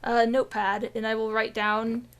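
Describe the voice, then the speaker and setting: Lady cohost on a gaming podcast, kinda high voice, rambly, giggles and cusses a lot. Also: flat delivery, normal speed. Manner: giggly, rambling, with many restarts and swearing. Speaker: podcast co-host. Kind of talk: casual podcast chat.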